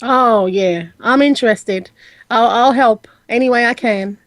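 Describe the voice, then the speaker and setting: A woman's voice: on the high side, measured pace, dry recording. A woman playing a tabletop role-playing game on a video call, speaking playfully and trying on a Southern drawl. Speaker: player.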